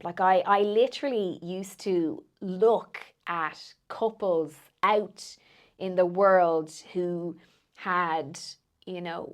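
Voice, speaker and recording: A woman, a coach, telling personal stories in a casual podcast chat, animated and quick to laugh. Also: fairly low pitch. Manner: animated storytelling, laughs often, frequent "like". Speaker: transformational coach, podcast guest.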